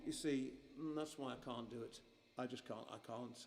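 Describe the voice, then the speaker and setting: A man's voice: mid-range voice, fairly even intonation, moderate pace, long reverb tail. A man performing a live music stream, chatting casually between songs in a rambling, self-mocking way with many restarts. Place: music club venue. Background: guitar playing.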